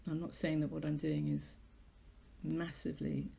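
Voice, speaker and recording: A woman's voice: low-pitched, flat delivery, normal speed, vocal fry, warm tone, breathy edge. A British woman hosting a live poetry stream, chatting in a rambling, self-deprecating way and reading her own poems.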